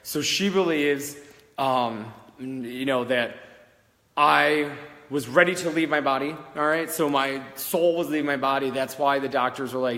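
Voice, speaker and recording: A man's voice: a little high, moderate pace, bright, forceful tone, long reverb tail. A man in his thirties, a psychic medium, telling a personal story in a rambling, candid, casual way, often checking in with "all right?" and swearing now and then. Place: old country schoolhouse, indoors.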